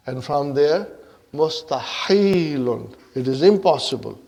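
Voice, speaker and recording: A man's voice: fairly high pitch, expressive, slow pace, gravelly, pauses often, darkish tone. A man teaching Arabic grammar in a classroom lesson. He reads Arabic lines aloud, explains them in English and keeps checking in with "huh?" and "are you with me?".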